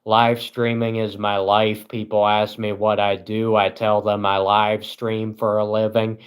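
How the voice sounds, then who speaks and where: A man's voice: on the low side, monotone, a little slow. A man live streaming, rambling in a self-deprecating, giggly way. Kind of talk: casual live-stream chat.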